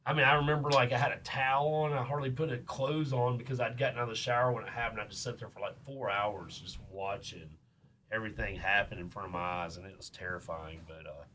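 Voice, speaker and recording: A man's voice: lowish voice, fairly even intonation, fast talker, sharp tone, slight background noise. Rambling man in his thirties. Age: 30s. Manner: rambling storyteller, many fillers and restarts. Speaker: podcast host. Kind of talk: casual chat.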